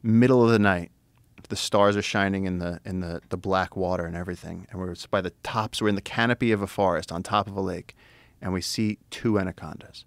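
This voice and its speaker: A man in casual conversation, telling an animated, profane adventure story with excitement. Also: sits low, fairly quick, smooth, dry recording. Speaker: guest, wildlife explorer.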